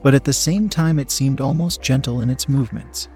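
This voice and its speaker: Man, story narration, steady even delivery, medium pitch, faint music behind. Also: fairly quick. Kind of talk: audiobook-style story reading.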